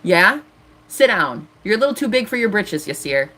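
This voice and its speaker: A woman's voice: mid-range voice, very animated, normal speed, pushed and bright. Brief: woman, 30s, tarot streamer, heated defiant rant to chat. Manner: angry, ranting, defiant. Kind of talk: live stream monologue.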